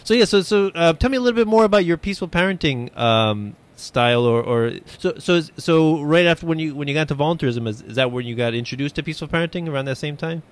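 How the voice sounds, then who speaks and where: A young adult man hosting a relaxed interview, talking in a rambling way with lots of fillers and restarts. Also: fairly high pitch, fast, few pauses. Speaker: podcast host. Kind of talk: casual conversational interview.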